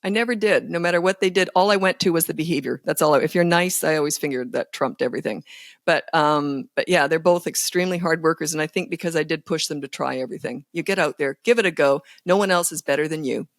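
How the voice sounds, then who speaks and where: A woman's voice: sits low, fast talker, no echo. Candid woman in her sixties, dry sound. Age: 60s. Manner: candid, self-deprecating, laughs often. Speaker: parenting guest. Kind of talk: casual podcast interview.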